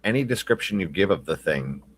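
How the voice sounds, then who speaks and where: A man with a very deep voice lays out his reasoning on a panel. He speaks dryly and deliberately, building each point step by step. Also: animated. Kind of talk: casual debate chat.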